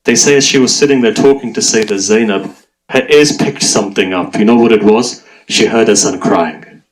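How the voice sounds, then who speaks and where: A man's voice: fairly low pitch, moderate pace, a little hiss or hum, rough recording. A man reciting a mourning sermon, emotional and full of rhetorical questions put to his audience. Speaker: religious speaker.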